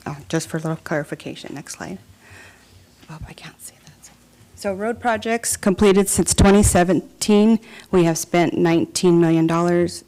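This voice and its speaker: A woman's voice: on the low side, a little mellow, low-quality recording. A woman presenting a report to a city council, reading figures and lists steadily with the odd filler. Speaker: city department director. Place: council chamber.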